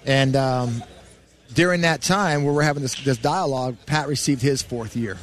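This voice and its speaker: A man's voice: mid-range voice, moderate pace. A man in his forties, a former pro football player, telling rambling stories as a radio show guest. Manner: rambling anecdotes full of fillers. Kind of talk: storytelling interview on radio. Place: radio studio.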